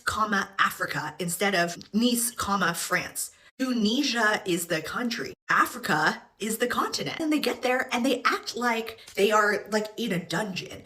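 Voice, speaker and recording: Bright, exasperated woman vlogger. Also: medium pitch. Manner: exasperated, emphatic. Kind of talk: casual reaction vlog.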